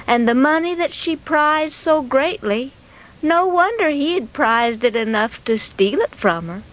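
Woman storyteller, high voice, dramatic Bible-story telling, expressive, moralizing asides. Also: a little slow.

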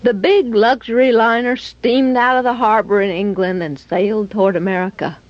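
A woman narrating a children's story in a lively, expressive way. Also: mid-range voice, normal speed, soft background music. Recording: dull, dry lo-fi recording.

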